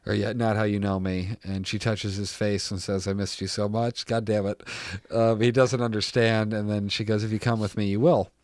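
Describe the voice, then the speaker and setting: Brief: young male co-host, lowish voice, dry close sound, lively and profane when retelling scenes. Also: moderate pace, hardly any pauses, dry recording. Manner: animated, retelling scenes with quoted lines, swears freely. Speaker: podcast co-host. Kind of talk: casual chat recapping a TV show.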